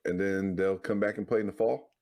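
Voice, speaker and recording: A man's voice: deep voice, fairly even intonation, brisk, a little mellow. A man co-hosting a podcast in casual sports chat, mostly giving short agreeing replies and asking questions. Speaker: podcast co-host.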